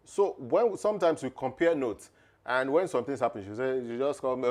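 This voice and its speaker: A man's voice: mid-range voice, moderate pace, darkish tone. A man co-hosting a podcast, talking emphatically and laughing often. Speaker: podcast co-host. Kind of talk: conversational podcast talk.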